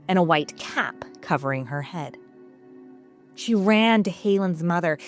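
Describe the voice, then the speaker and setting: A woman host narrating a ghost story from a script in a measured, expressive way. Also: medium pitch. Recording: soft music underneath.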